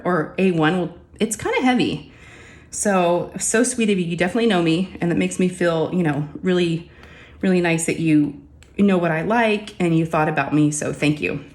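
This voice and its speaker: A woman, chatting casually and ramblingly to her viewers from her home craft room. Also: on the low side. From Texas. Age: 40s. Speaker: crafting vlogger.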